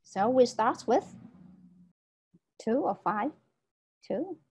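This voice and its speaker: A woman's voice: fairly high pitch, animated, slow pace, darkish tone, slightly rough, poor audio. A woman giving an online lecture as a teacher trainer over a video call, explaining step by step and often checking understanding with "right?".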